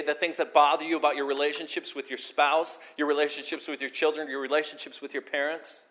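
A pastor preaching a sermon, earnest and storytelling, moving between forceful emphasis and quiet, intimate moments. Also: male voice, on the high side. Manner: animated storyteller, repeats words for emphasis.

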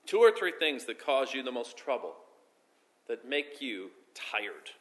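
A pastor delivers a sermon in a bright, forceful male voice. He presses key phrases with emphasis, then lets sentences fall away quietly and slowly. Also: medium pitch, very animated. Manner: preaching with rising emphasis and soft, slow drops at phrase ends.

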